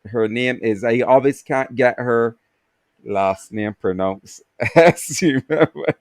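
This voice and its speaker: Slow, halting man explaining scripture. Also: medium pitch, dry recording. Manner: halting, many fillers and restarts, explanatory. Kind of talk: casual livestream discussion.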